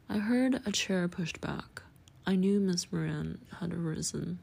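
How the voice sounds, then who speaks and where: Husky low-voiced woman reading aloud. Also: a little slow, darkish tone. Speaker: narrator. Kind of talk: audiobook reading of a story.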